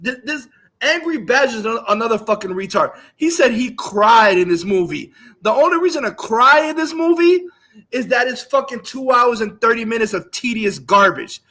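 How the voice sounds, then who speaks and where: Bright, high-voiced man ranting angrily. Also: expressive, normal speed. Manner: angry, profane, ranting. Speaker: live-stream host. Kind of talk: ranting live stream reaction.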